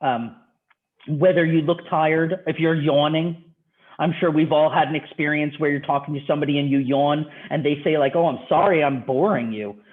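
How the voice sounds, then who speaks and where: A man's voice: on the high side, little pitch movement, moderate pace. Chatty male lecturer on a tinny line. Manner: conversational, fires off rhetorical questions. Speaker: university instructor. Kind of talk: online class lecture. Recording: tinny phone-like audio.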